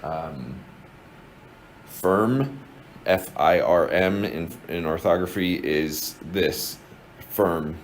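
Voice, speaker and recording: A man's voice: sits low, slow, few pauses, a little hiss or hum, poor audio. A man with a New Jersey accent giving an informal lesson, explaining step by step with plenty of fillers and restarts. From New Jersey, USA. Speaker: teacher.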